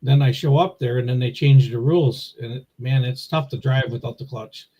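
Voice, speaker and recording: A man's voice: medium pitch, moderate pace, mellow, rough recording. A man from Wisconsin, a drag racer, talking as a podcast guest in a rambling, plainspoken way that often repeats itself. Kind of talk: casual podcast interview. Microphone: remote video call.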